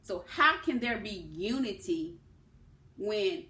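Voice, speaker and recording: A woman's voice: medium pitch, animated, takes it slowly, sharp tone. A woman giving a political commentary monologue, impassioned and emphatic, stressing her words. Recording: echoey room.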